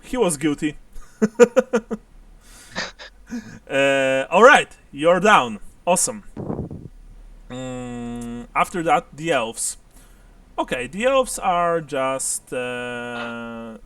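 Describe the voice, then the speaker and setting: A man narrating as game master of a tabletop game, halting and full of fillers. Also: mid-range voice, animated, a bit bright, recorded from a distance.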